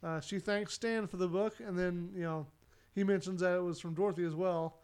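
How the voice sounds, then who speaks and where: A man's voice: high-pitched, fairly even intonation, a little fast, a little mellow, clean tone. A man casually recapping a sitcom episode for a podcast, narrating the plot with lots of "uh" fillers.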